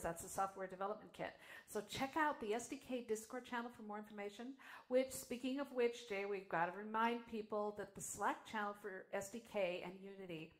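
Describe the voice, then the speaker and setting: A woman co-hosting a live news stream in a chatty, loose way, laughing often between announcements. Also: medium pitch.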